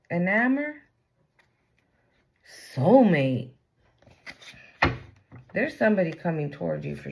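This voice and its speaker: Slow, gravelly woman reading tarot. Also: fairly low pitch, lo-fi sound, noisy background. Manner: blunt and profane, slangy. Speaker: tarot reader.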